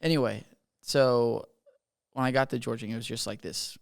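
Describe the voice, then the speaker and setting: A man's voice: medium pitch, steady tone, moderate pace, vocal fry. A young man from Bermuda telling his story as a podcast guest, talking casually and rambling with lots of "like". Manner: rambling, filler-heavy with frequent "like".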